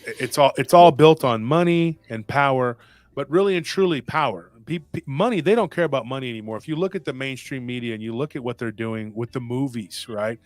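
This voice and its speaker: A man's voice: mid-range voice, fairly quick, dry recording. A man talking on a podcast panel in a rambling, emphatic way, with many restarts and asides. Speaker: podcast host. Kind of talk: casual panel talk.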